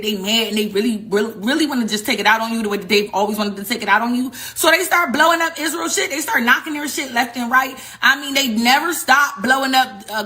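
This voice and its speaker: A woman giving casual current-events commentary, telling the story in an animated, slangy and heavily profane way. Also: fairly high pitch.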